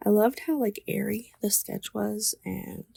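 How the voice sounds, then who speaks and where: A woman's voice: medium pitch, fairly even intonation, a little slow, gravelly, dark tone, breathy edge, no room sound, clean studio sound. A young woman vlogger telling a story in a casual, chatty way while she sketches, often laughing and sometimes dropping to a whisper. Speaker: artist vlogger.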